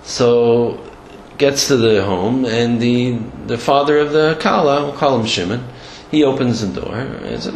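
A man giving a storytelling Torah lecture in a halting way, with many restarts and Hebrew and Yiddish terms. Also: medium pitch, lively intonation. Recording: echoey room, faint background noise.

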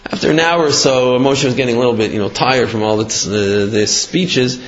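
A man giving a Torah talk, halting and restarting as he explains and tells a parable. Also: medium pitch. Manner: halting, with many fillers and restarts. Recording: echoey room, dull lo-fi.

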